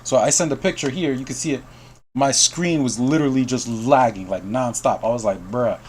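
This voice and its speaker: A man's voice: medium pitch, fairly quick, a little mellow, a little hiss or hum. A man hosting a game news stream, telling a story to call guests in a casual way, often laughing and reading out chat messages.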